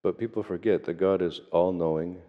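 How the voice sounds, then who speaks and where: A man preaching a sermon as a monastic priest, in a measured, earnest way with slowed emphasis. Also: low-pitched, steady tone. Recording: long reverb, dull lo-fi sound.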